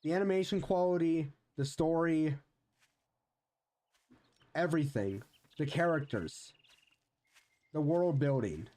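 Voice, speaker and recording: A man's voice: a little high, slow pace, pauses often, mellow. A young man streaming a game, chatting casually and rambling with many restarts. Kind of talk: casual chat while gaming.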